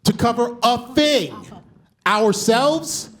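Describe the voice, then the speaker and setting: A man's voice: very high-pitched, expressive, slow pace, a bit bright. A man facilitating an interactive workshop, energetically calling on the audience and checking in with "right?" as he goes.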